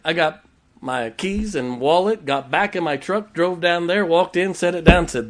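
A man's voice: on the high side, moderate pace. An older man preaching a sermon, telling folksy stories and laughing as he goes. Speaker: pastor.

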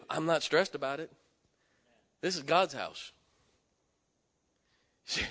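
A middle-aged man preaching a sermon, telling stories with loud emphatic bursts and quiet asides. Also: on the high side, normal speed, long pauses. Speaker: pastor. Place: church sanctuary. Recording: long hall reverb in a church.

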